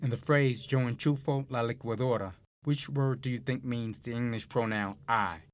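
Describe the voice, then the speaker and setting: Recorded with no echo, this scripted Spanish lesson features a man whose medium-pitched voice keeps a steady tone. He corrects common grammar slips and prompts listeners to repeat after him, enunciating each word clearly and at a measured pace.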